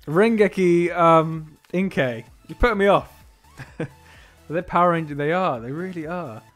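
Chatty man, slightly high voice. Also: a little slow, faint music behind. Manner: chatty and excitable, laughs often, trails off into quiet asides. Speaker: streamer opening trading card boxes. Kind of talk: casual live-stream chat.

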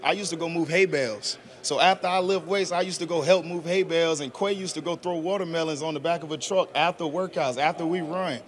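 A man's voice: on the high side, brisk, few pauses. A young man, a football player answering press questions in an earnest, casual, slangy way. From South Georgia, US. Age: 20s.

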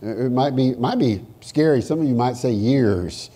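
A pastor preaching a sermon in church, animated, swinging from loud emphasis to hushed asides. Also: male voice, mid-range voice, normal speed, husky. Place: church sanctuary.

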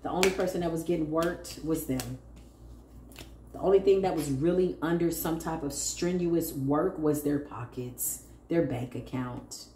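Sassy low-voiced woman reading tarot. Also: unhurried, dark tone. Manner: sassy, blunt, laughing, calls listeners "child". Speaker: tarot reader. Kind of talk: casual tarot reading to viewers. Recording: echoey room with faint noise.

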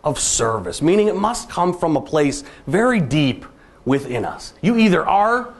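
A man's voice: a little high, a little slow. A middle-aged man giving a motivational keynote speech, telling stories and landing jokes with comic timing. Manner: animated, comic storytelling with punchlines. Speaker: keynote speaker.

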